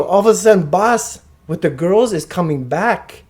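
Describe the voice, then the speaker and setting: A man casually telling a wild story on a podcast, animated and slangy, with frequent swearing. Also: high-pitched, moderate pace. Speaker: podcast guest or co-host.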